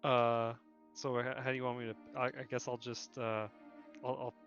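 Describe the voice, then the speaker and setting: A man's voice: medium pitch, flat delivery, moderate pace, a bit bright, clean tone, lo-fi sound, faint music behind. A man playing a tabletop game over voice chat, talking hesitantly with many restarts. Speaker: player.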